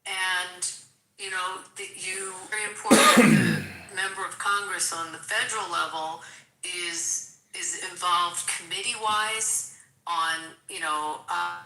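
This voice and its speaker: A woman with a Philadelphia accent, a guest in a casual political discussion, talking haltingly with many restarts. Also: fairly low pitch, steady tone, reverberant, recorded from a distance, background noise.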